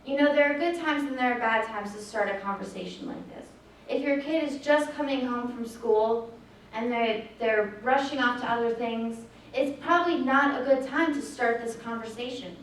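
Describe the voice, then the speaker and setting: Woman presenter, high voice, earnest, distant mic in a very echoey hall. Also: moderate pace, slight background noise. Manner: earnest, acts out shouted lines in a story. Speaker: suicide prevention presenter. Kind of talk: presentation with storytelling. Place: large echoey room with audience. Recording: very echoey room from far off.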